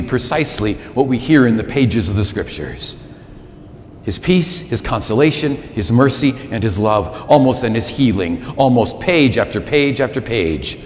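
A man's voice: medium pitch, slight background noise. A man in his sixties, a priest delivering a sermon in a large church, emphatic and given to repeating words for effect. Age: 60s. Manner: animated, emphatic repetition. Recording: reverberant church, faint ambience.

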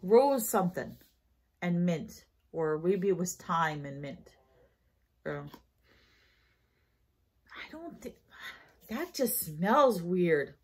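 A woman's voice: fairly low pitch, animated, slow, a little mellow, slightly rough. A tired woman with a New York accent, rambling through a casual shopping haul vlog with lots of fillers and self-corrections. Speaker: haul vlogger.

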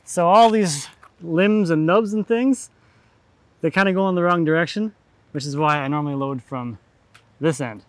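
A man's voice: fairly high pitch, moderate pace, long pauses. A man narrating outdoors as he loads a log onto a trailer, chatty and jokey, explaining each step as he works. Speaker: urban logger and video host. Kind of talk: casual narration while working.

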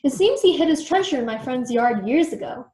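Woman doing confident teasing lady sleuth, brisk, higher voice, roomy echo. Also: expressive, dark tone.

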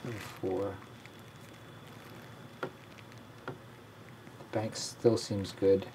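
A man's voice: on the low side, flat delivery, very slow, vocal fry, warm tone, slight background noise, poor audio. A man thinking aloud over his moves and chuckling in a casual live-streamed board game chat. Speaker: board game show regular.

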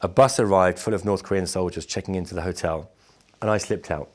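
Male storyteller with a fairly low voice. Wry, amused, talks straight to camera. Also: fairly quick. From Britain. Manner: animated, acts out other people's lines. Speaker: musician recounting travels.

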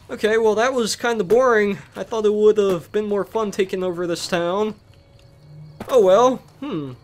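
Excitable high-voiced young man gaming. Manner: excitable, rambling, bursts into shouts. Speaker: Let's Play host. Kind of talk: casual gameplay commentary.

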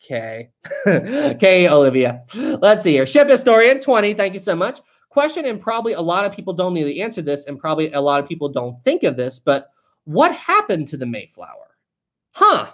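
Animated, jokey live-stream host. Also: mid-range voice, normal speed. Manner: chatty, jokey, laughs often, thinks aloud. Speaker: livestream host reading viewer donations. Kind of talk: casual live-stream chat.

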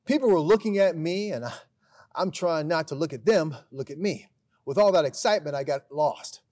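A school principal with a slightly raised pitch and a breathy, husky edge speaks to a graduating class. He tells his story with dry, deadpan timing. He then turns emphatic and proud as he addresses the graduates. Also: normal speed. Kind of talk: recorded graduation speech.

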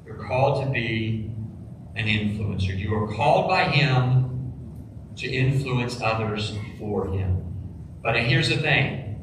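A man preaching a sermon as pastor, emphatic, dropping low and quiet on key phrases. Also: noisy background. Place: church sanctuary. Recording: echoey church hall, mic from a distance.

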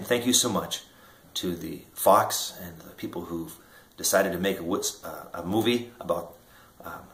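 A middle-aged man with a Midwestern American accent, an inventor telling an earnest story straight to the camera, acting out the voices in it. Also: low voice. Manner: earnest storytelling, acts out quoted dialogue. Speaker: inventor and company founder. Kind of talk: direct-to-camera promotional talk. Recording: echoey room.

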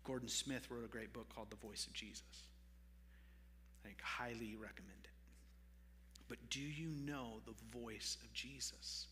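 A man preaches in a bright, forceful voice, chatting with his congregation between points. His voice rings through a church sanctuary with a long reverb tail. He sits at an ordinary middle pitch. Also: fairly even intonation, unhurried, long pauses, a little hiss or hum. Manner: conversational, with asides to the congregation. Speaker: pastor. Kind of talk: sermon.

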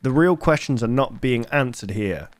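A young man hosting a casual reaction video, chatty and quick to make joking asides. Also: mid-range voice, animated, no room sound. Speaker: host.

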